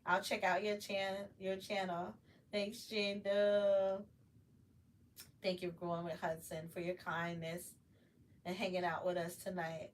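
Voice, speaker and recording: A woman's voice: fairly low pitch, level tone, unhurried, slight background noise. A middle-aged woman hosting a casual late-night livestream chat, talking easily to her viewers while she crafts at home. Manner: chatty, warm toward viewers, loud laughing bursts. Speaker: livestream host.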